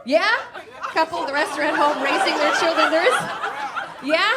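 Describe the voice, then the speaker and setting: A high-pitched woman in her thirties tears through a brash, profane stand-up set, laughing at her own punchlines. She is on a club stage mic, with a loud crowd laughing and a noisy live room behind her. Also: normal speed. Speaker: stand-up comedian. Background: audience laughter.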